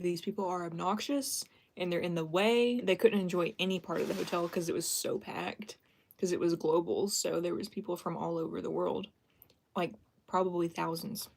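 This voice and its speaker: A woman's voice: fairly low pitch, flat delivery, normal speed, creaky, a little mellow, a little hiss or hum. A young woman chatting casually on a live stream, self-deprecating and thanking viewers as she talks.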